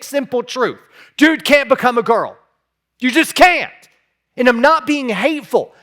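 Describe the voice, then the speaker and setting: A male pastor delivers an impassioned sermon in a church sanctuary. His voice sits noticeably high for a man. Now and then he acts out imagined replies in a raised voice. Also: sharp tone.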